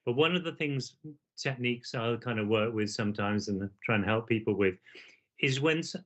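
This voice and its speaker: A man in a gentle therapeutic conversation, speaking in a measured way and often ending his points with "don't we?". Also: medium pitch. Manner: measured, asks leading questions like "don't we?". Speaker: therapist host.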